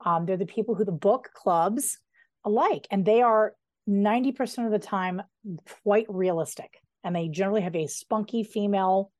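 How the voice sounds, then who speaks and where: A woman author in her forties talks in a lively, conversational way, tossing in playful asides as she goes. Her voice sits at a middle pitch. The recording is dry and close, with no room sound. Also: moderate pace, no echo. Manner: animated, chatty, with playful asides. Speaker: author, interview guest. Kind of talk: conversational interview.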